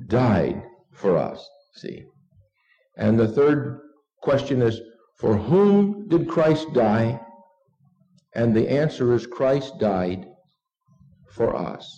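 A middle-aged man preaching an evening sermon, earnest and unhurried, leading his listeners to repeat a short text with him. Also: medium pitch, mellow. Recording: dull lo-fi recording.

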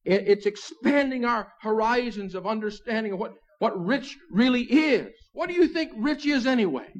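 A man with a high voice preaches a sermon in a relaxed, talky way, dropping in asides and soft chuckles. The recording is dull and lo-fi. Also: moderate pace. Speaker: pastor.

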